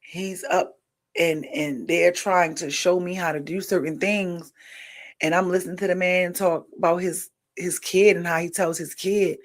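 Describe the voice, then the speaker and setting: Slow-talking emotional woman podcast host. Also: on the low side, fairly even intonation. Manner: emotional, rambling, repeats herself. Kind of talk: candid personal monologue.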